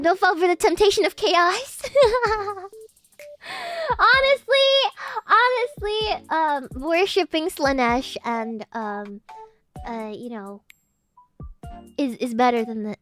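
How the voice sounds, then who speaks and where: Over a soft music bed, a high-pitched woman streamer chats and giggles with her live chat in prim, posh diction she calls slightly uppity-sounding. She reads messages aloud and thanks viewers, her formerly very nasal voice now loosened.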